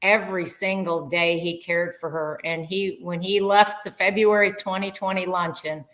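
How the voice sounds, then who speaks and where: A woman's voice: lowish voice, fairly even intonation, normal speed, fairly bright tone, rough recording. An older woman, a podcast guest, telling a heartfelt story in an earnest, rambling way with many fillers. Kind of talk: casual conversational storytelling.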